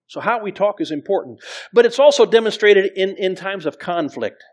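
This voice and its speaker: Higher-pitched man preaching a sermon. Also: expressive, moderate pace. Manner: conversational, with frequent restarts and scripture readings. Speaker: pastor.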